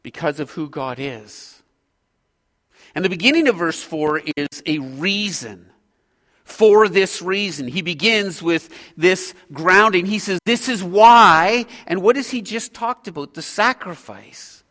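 A man preaching a sermon as a pastor, earnest and measured, pausing between phrases. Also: high voice, expressive, sharp tone. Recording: hall reverb.

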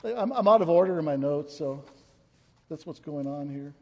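A man's voice: fairly high pitch, expressive, moderate pace, warm tone. A man preaching a sermon in an impassioned, emotional way, repeating words for emphasis, recorded in a church sanctuary. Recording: long reverb from a large hall.

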